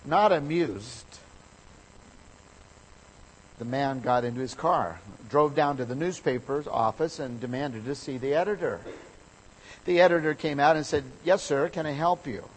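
A man preaching a sermon, reading scripture and telling an anecdote with lively quoted voices. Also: mid-range voice, moderate pace, slightly rough, low-quality recording. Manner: storytelling, animated with voices for quoted people. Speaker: pastor.

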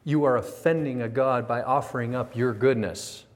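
A man's voice: medium pitch, normal speed, a little hiss or hum. A man preaching a sermon, telling a story with acted quotes and rhetorical questions. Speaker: pastor. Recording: long reverb of a large hall.

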